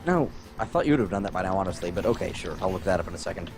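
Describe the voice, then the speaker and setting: A man's voice: low voice, animated, very fast, music in the background. Rambling man chatting about games. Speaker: podcast co-host. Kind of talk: casual gaming chat.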